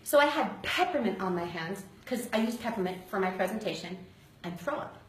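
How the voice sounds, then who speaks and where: Lively woman telling a story. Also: mid-range voice, a little fast. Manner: animated, laughing, acts out quoted voices. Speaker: speaker at a sales event. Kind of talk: storytelling speech to a live audience. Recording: roomy hall with faint noise.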